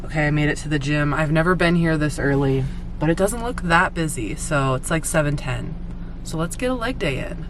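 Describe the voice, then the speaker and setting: A woman with a low voice narrates her day to the camera in a loose, chatty way, tossing in casual slang. Upbeat music plays clearly underneath her. She sounds relaxed and unhurried, like she is talking to friends. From Colorado. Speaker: vlogger.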